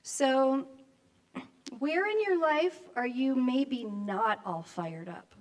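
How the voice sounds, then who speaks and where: An older woman, a grandmother and minister, giving a conversational sermon in a church, with reflective pauses and friendly asides. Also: sits high, expressive. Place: church sanctuary.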